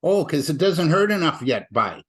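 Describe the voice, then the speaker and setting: A man's voice: on the high side, big pitch swings, moderate pace, a bit bright, slightly rough, pitched above the performer's own voice, exaggerated voice. Man doing a laid-back Ottawa Valley farmer, drawling and folksy. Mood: amused. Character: chuckling rural male farmer, laid-back.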